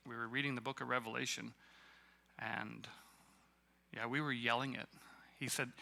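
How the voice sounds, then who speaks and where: A man from Canada giving a casual, halting sermon at a church, self-deprecating and full of fillers. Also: medium pitch, gravelly, pushed and bright. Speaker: guest preacher. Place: church hall.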